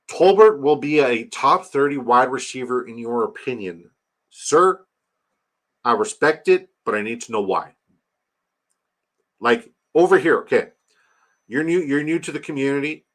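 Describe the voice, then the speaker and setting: Talking straight to his chat, this livestream host keeps the conversation loose and casual and swears freely. His voice sits in the mid-range with a fairly bright tone.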